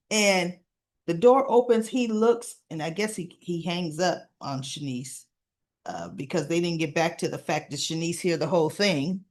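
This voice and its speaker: A woman hosting a soap opera recap, telling the story in a casual, animated way. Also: on the low side.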